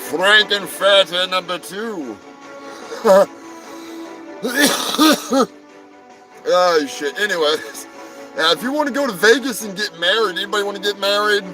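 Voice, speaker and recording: A man's voice: high voice, animated, a little slow, long pauses, music in the background, low-quality recording. A man hosting a rambling comedic livestream, crude and joking, often trailing off into mumbles. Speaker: livestream host. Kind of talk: rambling comedic live chat.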